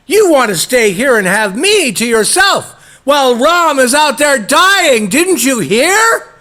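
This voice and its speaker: A man voicing an angry young princess who shouts accusations. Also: mid-range voice, expressive, a little slow, slightly rough, voice pushed down. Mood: furious.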